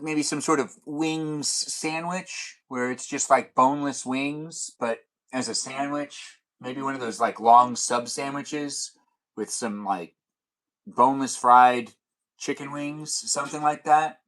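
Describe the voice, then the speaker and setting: A man's voice: mid-range voice, a bit bright, poor audio. A man hosting a casual livestream chat, rambling and thinking aloud with fillers and restarts. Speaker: livestream host.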